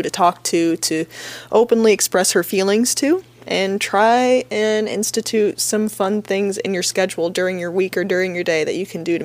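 Earnest young woman with a lowish voice. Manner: supportive, earnest advice-giving. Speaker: podcast co-host. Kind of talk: casual chat, reading listener questions.

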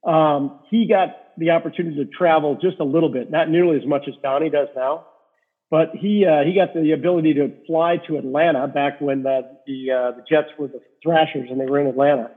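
A middle-aged man with a husky, slightly high voice tells rambling stories as a guest, leaning on fillers as he goes. He is a rink-side hockey reporter, and he comes through a tinny, phone-like line. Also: steady tone, fairly quick. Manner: rambling anecdotes with many fillers. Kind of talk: casual storytelling interview.

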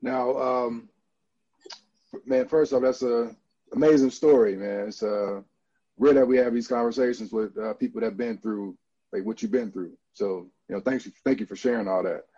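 A man interviewing a guest, relaxed and appreciative, with many fillers. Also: medium pitch, moderate pace, lo-fi sound. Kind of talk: casual interview.

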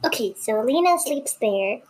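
A woman's voice: on the high side, animated, normal speed, a little mellow, slightly rough, soft background music. A woman playing a tabletop game, speaking casually and playfully in character. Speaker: player.

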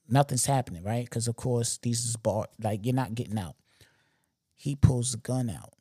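A man's voice: mid-range voice, moderate pace, darkish tone, husky, no echo, studio quality. A man hosting a podcast, retelling stories in a casual, slangy and emphatic way with frequent asides to the listener. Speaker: podcast host. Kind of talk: casual storytelling monologue.

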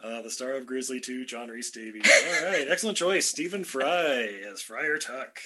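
A man's voice: medium pitch, moderate pace, bright, forceful tone. A man hosting a podcast in casual fan-casting chat, jokey and laughing often. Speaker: podcast host.

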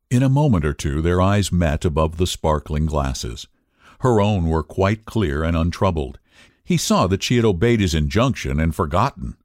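A man narrating a classic novel as an audiobook reader, in a measured, expressive way. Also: low-pitched, no room sound, clean studio sound.

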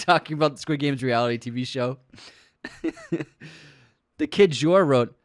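A man's voice: on the high side, normal speed, long pauses, no echo, clean studio sound. A man co-hosting a casual film podcast, reading listener comments aloud and laughing often. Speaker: podcast co-host.

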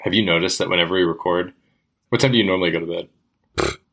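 Deep-voiced young man rambling on a podcast. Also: fast talker, creaky, a bit bright. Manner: rambling, heavy on "like" fillers. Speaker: podcast co-host. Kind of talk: casual podcast chat.

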